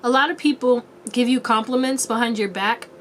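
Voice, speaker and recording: A woman's voice: on the high side, a little fast, a bit bright, a little hiss or hum. A woman giving a casual tarot reading to her viewers, playful and chatty with a lot of slang and frequent laughter. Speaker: tarot reader.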